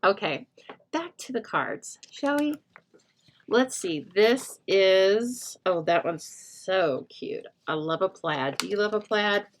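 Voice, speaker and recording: In a live crafting tutorial, a middle-aged woman with a lowish, gravelly voice demonstrates a stamping craft, chatting and thinking aloud as she works and joking around with her viewers.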